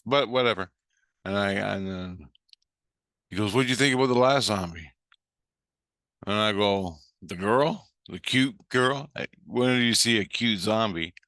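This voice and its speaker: A man with a low voice and a bright, forceful edge rants profanely through a rambling monologue. He acts out both voices of a conversation, and the recording is dry and close. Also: dry recording. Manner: profane, ranting, animated retelling; acts out both sides of the dialogue. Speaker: vlogger.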